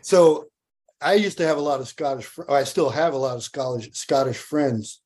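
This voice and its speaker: Swearing animated man telling stories. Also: mid-range voice, moderate pace. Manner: animated storyteller, swears freely. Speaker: guest actor. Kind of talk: casual podcast chat.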